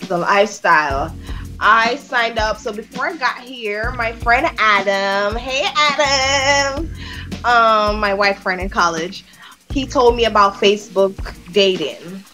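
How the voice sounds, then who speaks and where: A woman from Jamaica with a Jamaican accent chats as a podcast guest, her medium-pitched voice unhurried, pushed and bright, with faint music behind her. Her casual, candid talk is frank and profane storytelling, punctuated by laughs and trailing fillers.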